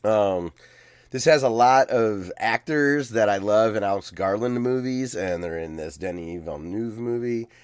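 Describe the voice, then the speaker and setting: A laid-back man co-hosts a podcast and answers with dry teasing. His voice sits low. The sound is close to the mic and dry. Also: measured pace, clear, resonant tone, dry recording. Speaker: podcast co-host. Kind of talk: casual chat.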